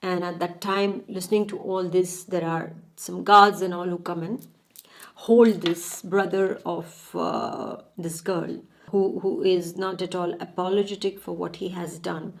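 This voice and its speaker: A woman's voice: fairly low pitch, fairly even intonation, measured pace, gravelly, rough recording. A woman telling a moral story in a casual, informal way, full of fillers and restarts.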